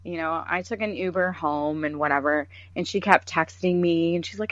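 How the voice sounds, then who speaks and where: A woman's voice: low voice, a little fast, hardly any pauses, fairly bright tone, no room sound. A woman in her thirties co-hosting a podcast, telling a story in casual chat and mimicking others in quoted voices. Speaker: podcast co-host. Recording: dull lo-fi sound.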